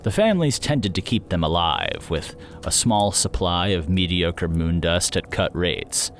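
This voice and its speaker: A man narrating a story in a steady, unhurried way, his voice sitting very low. A faint bed of music runs quietly beneath him. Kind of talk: audiobook narration.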